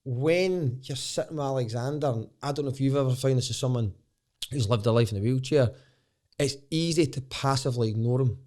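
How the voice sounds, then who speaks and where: A Glaswegian man talks at an ordinary, mid-range pitch, spilling stories as a podcast guest. He rambles, restarts his sentences and swears freely. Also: a little fast, a little mellow. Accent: Scottish, Glaswegian. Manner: rambling, self-interrupting, swears casually. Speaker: guest, stand-up comedian. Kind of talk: candid podcast storytelling.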